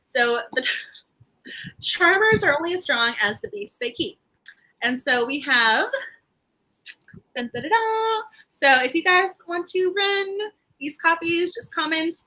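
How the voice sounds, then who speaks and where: Bright, high-voiced bubbly woman. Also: expressive, a little slow, low-quality recording. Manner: bubbly, laughs often. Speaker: book club co-host. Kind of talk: casual live stream chat.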